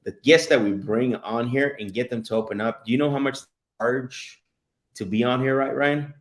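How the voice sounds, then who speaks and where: A man hosting a live streamed show, chatting casually and energetically, calling out shout-outs with lots of fillers. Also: mid-range voice, moderate pace.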